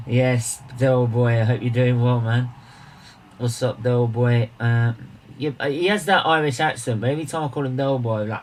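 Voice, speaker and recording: A man's voice: medium pitch, steady tone, moderate pace, darkish tone, slight background noise, rough recording. Chatty man hosting a live stream. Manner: chatty, banters with viewers, rambling with restarts. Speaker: charity stream host. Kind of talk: casual live-stream chat.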